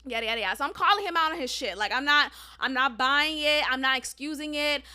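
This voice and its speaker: A woman with a high, bright voice hosts a solo podcast and tells a personal story. Her delivery is animated and emphatic, with frequent asides to the audience and casual profanity. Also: quick pace. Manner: emphatic, animated, profane, addresses listeners as y'all. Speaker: podcast host.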